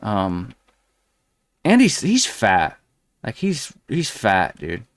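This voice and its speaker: A man's voice: fairly low pitch, wildly swooping pitch, drawn-out words, dry recording, studio quality. A man hosting a commentary show, crudely mocking a video with a rambling, sneering delivery full of fillers. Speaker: commentary host.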